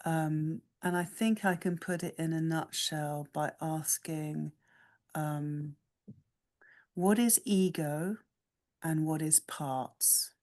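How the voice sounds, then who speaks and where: A woman with a low, deep voice speaks slowly on a video call. She hesitates with fillers as she puts her question. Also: steady tone, a little mellow. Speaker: meeting participant.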